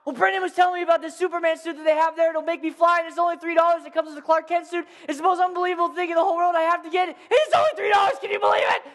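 A man putting on a wildly excited seven-year-old boy who shouts and squeals in a very high, breathless voice. His words ring through a big hall with a long echo. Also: drawn-out words, hardly any pauses, full character voice. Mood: overexcited.

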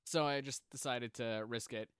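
A man's voice: medium pitch, fairly even intonation, normal speed, a bit bright, clear, resonant tone, dry recording. A man hosting a casual podcast at home, rambling along with lots of fillers, speaking close into a stand mic. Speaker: podcast host. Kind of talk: casual chat. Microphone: close drum mic on a stand.

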